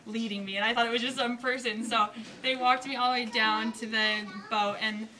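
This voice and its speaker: A young woman telling a story casually to an audience, bubbly and animated, laughing often. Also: a little high, fairly quick, distant mic, a little hiss or hum. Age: young adult. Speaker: newly engaged college student.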